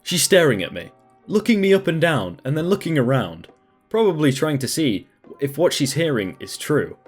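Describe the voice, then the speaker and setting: A man reading a first-person story aloud in a lively storytelling manner. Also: on the high side, moderate pace, slightly rough, soft background music. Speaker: story narrator.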